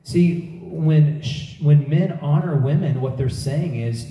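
A middle-aged man delivering a sermon, jumping into quoted voices as he tells stories. His tone is deep and mellow. The sound carries room echo and is picked up from some distance. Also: slow pace, hardly any pauses. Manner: animated storytelling preacher acting out quotes. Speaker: preacher. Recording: echoey room heard from a distance.

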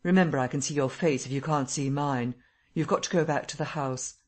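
A man voicing an unseen, threatening man who speaks in a low, grim tone. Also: fairly quick, natural voice. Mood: menacing.

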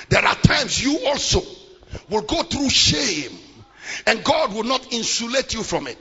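Fiery high-voiced preacher. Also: male voice, very animated, normal speed, breathy edge. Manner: preaching with dramatic swings between shouting and hushed tones. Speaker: pastor. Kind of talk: sermon. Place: large church hall. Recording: muffled live church recording with long reverb.

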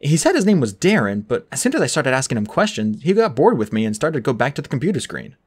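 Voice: mid-range voice, quick pace, slightly rough. An audiobook narrator reading a first-person novel aloud and giving each character its own voice. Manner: animated, voices every character.

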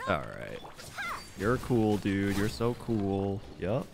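A man's voice: on the low side, very animated, takes it slowly, vocal fry, background noise. A tired man giving live gameplay commentary as a channel host, ranting in frustration and swearing.

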